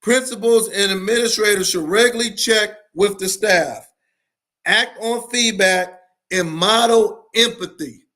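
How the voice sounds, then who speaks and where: A man's voice: sits high, measured pace, sharp tone. A man giving an emphatic talk on school leadership, repeating his key points for stress. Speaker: education speaker. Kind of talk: passionate solo talk to camera.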